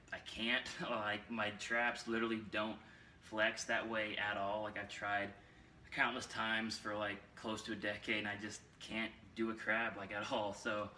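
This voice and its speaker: Young man, casual coach, breathless, rambling, lowish voice, recorded from across an echoey room. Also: sharp tone, a little hiss or hum. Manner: rambling, repeats himself, many fillers. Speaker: fitness coach. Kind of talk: casual instructional vlog. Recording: roomy echo, mic far off.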